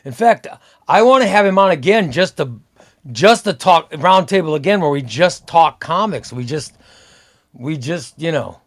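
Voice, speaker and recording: A man hosting a casual live stream, chatting loosely, repeating himself and reading out viewer comments. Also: fairly high pitch. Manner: rambling, repeats himself, reads out chat comments.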